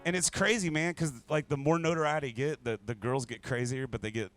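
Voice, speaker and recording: A man's voice: medium pitch, steady tone, a little fast, a bit bright, soft background music. A man who is a musician guest, drinking whiskey and chatting casually between songs in a rambling, crude, joking way.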